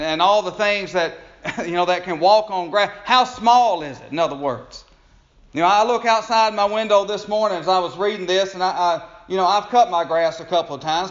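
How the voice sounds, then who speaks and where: A man's voice: high-pitched, a bit bright. A man preaching a sermon in a folksy, conversational way, chuckling and restarting his sentences. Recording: echoey room, dull lo-fi sound.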